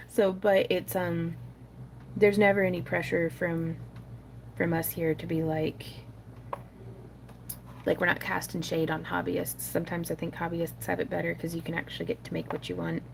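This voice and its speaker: Woman, craft stream host, rambling chat, slightly gravelly, faint background noise. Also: fairly low pitch, a little mellow, poor audio. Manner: chatty, rambling, laughs often, many fillers. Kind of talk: casual chat while making jewelry.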